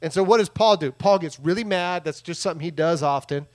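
A man preaching a loose, playful sermon in a church room. His voice sits a little high for a man, and he keeps slipping into quick impressions of the people in the story. The delivery is chatty and full of asides. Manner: jokey, animated, acts out quoted voices. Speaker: pastor. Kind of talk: casual sermon.

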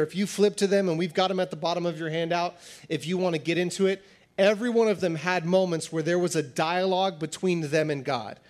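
A pastor giving a sermon in a conversational, animated style, acting out little dialogues as he teaches. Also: high voice.

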